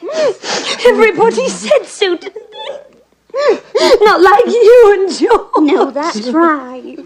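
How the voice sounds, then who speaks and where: A giggly, soft-hearted lady in a film, cooing and gushing. Her voice is very high and lilting, and she speaks slowly. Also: very animated, heavily acted. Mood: weepy. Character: giggly, soft-hearted young woman, easily moved to tears.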